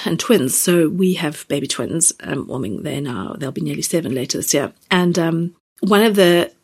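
A woman in her thirties or forties hosting a podcast, speaking gently and haltingly about personal feelings, close to tears. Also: lowish voice. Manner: gentle, halting, many fillers and restarts. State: near tears. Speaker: podcast host. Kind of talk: reflective personal podcast talk.

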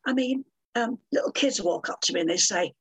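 Husky, lively older woman. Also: lowish voice, quick pace, no room sound, low-quality recording. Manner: blunt, bawdy and theatrical, acting out quoted voices. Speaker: guest. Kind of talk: casual interview chat.

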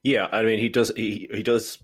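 A man's voice: fairly low pitch, little pitch movement, moderate pace, slightly rough. A man co-hosting a casual podcast, joking and self-deprecating, often restarting his sentences. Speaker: podcast co-host. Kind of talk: casual chat.

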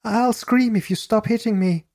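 A man's voice: sits high, normal speed, voice pushed up. A man voicing a shrieking, pleading young woman. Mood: pleading terror. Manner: loud, pleading, sobbing wails.

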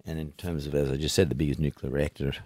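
A man's voice: extremely low pitch, little pitch movement, quick pace, mellow, no echo, clean studio sound. An older Australian man hosting an interview, blunt and rambling with frequent restarts. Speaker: podcast host. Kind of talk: casual interview.

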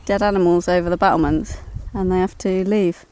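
A woman's voice: on the low side, steady tone, a little fast, a little mellow, smooth, no room sound. A woman in casual chat, easygoing and laughing, in a parked van. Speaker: co-host.

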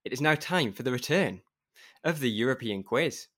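A man's voice: medium pitch, lively intonation, normal speed, a bit bright. A man hosting a podcast, chatting in a playful, teasing way. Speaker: podcast host. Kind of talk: casual podcast chat.

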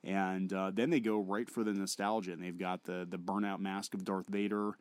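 A man's voice: sits low, little pitch movement, moderate pace, clean tone, dry recording. A man co-hosting a podcast in casual chat, rambling and hesitant with many fillers. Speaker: podcast co-host.

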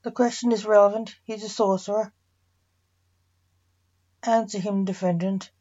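A woman reading as a distracted male judge giving curt rulings. He speaks slowly at a middle pitch. The sound is dull and lo-fi. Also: fairly even intonation, dark tone, close to an everyday voice. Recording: dull lo-fi recording.

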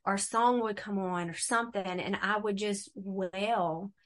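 A woman's voice: medium pitch, unhurried. Woman sharing a heartfelt faith story. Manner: animated storyteller, acts out quoted voices. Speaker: guest. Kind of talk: faith testimony in casual conversation.

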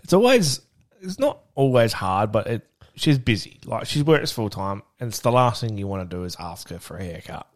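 A man's voice: on the low side, very animated, moderate pace. A man co-hosting a podcast, telling stories in casual chat, swearing freely and laughing often. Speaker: podcast co-host.

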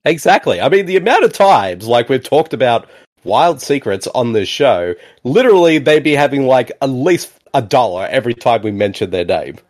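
Man, podcast co-host, middle-pitched, animated delivery, giggly and excitable movie chat. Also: moderate pace. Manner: laughs often, excitable and chatty. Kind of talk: casual movie riffing chat.

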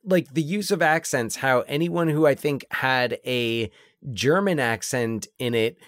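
A man's voice: medium pitch, measured pace, a bit bright, dry recording, clean studio sound. A man co-hosting a podcast, talking about films in a rambling way with many fillers and restarts. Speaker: podcast co-host. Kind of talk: casual film discussion.

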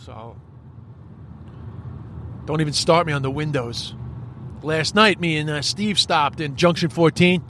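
Irish man, podcast host, high voice, swearing, rambling comedic rant. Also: measured pace, long pauses, slight background noise. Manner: profane, rambling, animated storytelling.

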